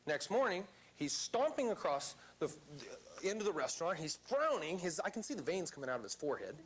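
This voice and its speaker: A man telling a story to a live seminar audience, animated and theatrical. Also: fairly high pitch, brisk, few pauses, husky. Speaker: seminar speaker.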